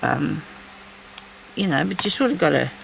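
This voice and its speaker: Gravelly chatty woman crafting aloud. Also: low voice, very animated, normal speed, a little hiss or hum, low-quality recording. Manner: chatty, thinks aloud and talks to herself. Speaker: crafting vlogger. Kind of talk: casual crafting commentary.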